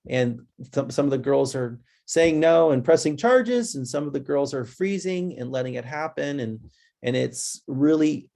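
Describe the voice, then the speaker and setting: Gravelly man giving a casual webinar talk. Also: lively intonation, mellow. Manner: conversational, restless, quick changes of pitch when imitating kids; addresses listeners directly as "guys". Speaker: presenter. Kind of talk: webinar presentation.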